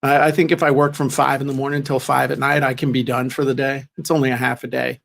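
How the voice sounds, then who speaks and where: A man's voice: mid-range voice, level tone, fast, creaky. A man co-hosting a podcast, talking in a chatty, joking, self-deprecating way. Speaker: podcast co-host. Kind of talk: casual chat.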